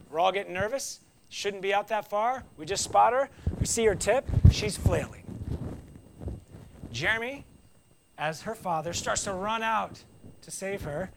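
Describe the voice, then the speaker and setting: A man delivers a sermon in a relaxed, conversational way, with a fairly high voice carrying a gravelly edge. He tells the story with animation, acting out what people say and dropping wry asides. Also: a little hiss or hum. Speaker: preacher.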